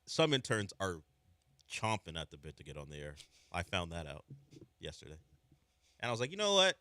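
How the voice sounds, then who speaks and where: A young man hosts sports talk radio in loose, animated banter, his voice sitting low but leaping around in pitch. The tone is bright and forward. The studio sound is dry and close. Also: moderate pace, no room sound. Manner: animated, breaks into a squeaky voice when mimicking. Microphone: studio microphone.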